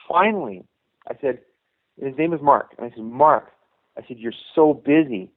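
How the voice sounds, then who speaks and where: A middle-aged man spins a long, rambling story, looping back over his own words. His voice comes through a narrow, tinny phone-like line. He sits at an everyday pitch. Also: animated, normal speed. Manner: rambling, many restarts and "you know". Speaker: youth hockey coach, guest. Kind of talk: casual storytelling interview.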